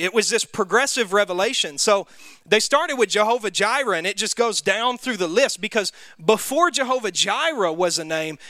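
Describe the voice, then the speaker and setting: Bright high-voiced Southern man teaching. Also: dry recording, studio quality. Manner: conversational, quizzes the group, self-deprecating. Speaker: Bible study teacher. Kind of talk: interactive Bible class teaching.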